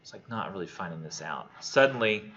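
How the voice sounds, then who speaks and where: A man teaching a college English class, animated and joking. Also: low-pitched, fairly quick, very noisy. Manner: animated, joking, self-deprecating. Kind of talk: jokey classroom lecture. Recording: muffled lo-fi classroom recording.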